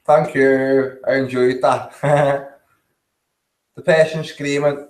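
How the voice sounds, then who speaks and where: A man's voice: medium pitch, level tone, takes it slowly, roomy sound, low-quality recording. A man giving casual, blunt, sweary commentary while reacting to video clips, laughing often.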